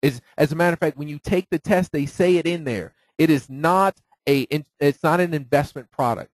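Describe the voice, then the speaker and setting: A man with a somewhat high voice teaches a live audience. He talks in a lively way and keeps asking rhetorical questions. The sound is dry and close. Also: moderate pace, no echo, rough recording. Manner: lively, acts out phone calls in quoted voices; rhetorical questions with repeated "right?". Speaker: financial seminar speaker.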